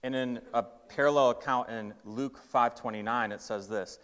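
Male pastor, mid-pitched, emphatic sermon delivery, big reverberant hall. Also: steady tone, moderate pace, few pauses, a bit bright, clean tone. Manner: emphatic storytelling, varying pace.

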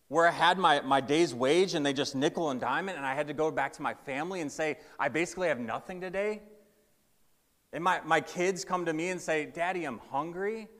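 A man's voice: on the high side, a bit bright, pitched above the performer's own voice. A man voicing an exasperated townsman who complains that tax collectors cheated his family, pleading in a raised voice. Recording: reverberant hall.

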